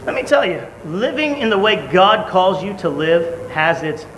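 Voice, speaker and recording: Male preacher, bright high voice, echoey church sound. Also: unhurried. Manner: animated storytelling, shouting in acted quotes. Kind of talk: sermon. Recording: echoey church hall, faint room noise.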